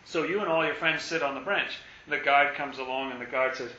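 A man giving a reflective Bible talk, musing and turning forceful and emphatic, in an echoey, dull lo-fi recording. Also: a little high, a little fast, hardly any pauses, slight background noise. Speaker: Bible teacher.

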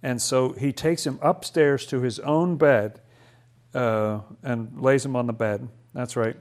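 A man's voice: mid-range voice, steady tone, unhurried, darkish tone. A man leading a Bible study lesson. He talks thoughtfully, often restarts his sentences and asks rhetorical questions.

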